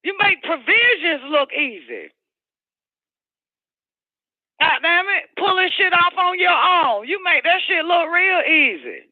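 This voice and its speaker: A radio show host delivering a profane, emphatic ranting monologue full of preachy storytelling. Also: male voice, very high voice, animated, measured pace, no echo. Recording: tinny phone-like line, dry.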